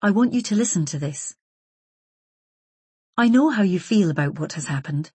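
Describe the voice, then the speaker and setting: A woman reading the part of a grown woman who gently but firmly comforts an old classmate, in an audiobook. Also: lowish voice, expressive, moderate pace, slightly rough, dry recording. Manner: gentle, firm, reassuring. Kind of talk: audiobook character voice.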